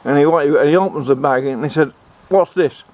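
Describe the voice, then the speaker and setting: A man's voice: a little high, moderate pace, darkish tone, dull audio, close to an everyday voice. A man voicing a bossy male gardener who barks accusations at an intruder. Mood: scolding. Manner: barking, accusing. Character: gruff middle-aged male gardener, bossy.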